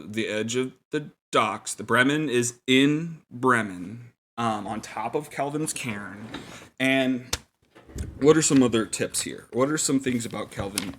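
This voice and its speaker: A man's voice: mid-range voice, fairly bright tone. A man giving casual game-master tips in a loose, filler-heavy, mock-serious way. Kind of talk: casual rambling advice.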